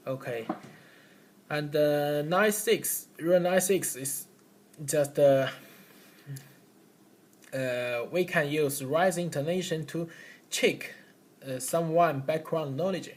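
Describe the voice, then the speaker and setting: A man giving a classroom recap, explaining rules one by one in a halting way, with many fillers and restarts. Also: fairly high pitch.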